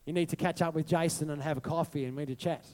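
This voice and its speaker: A male pastor preaching to his congregation, moving from soft, hushed reflection to a rising, passionate appeal. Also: fairly high pitch, fairly even intonation, very fast. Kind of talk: sermon over worship music.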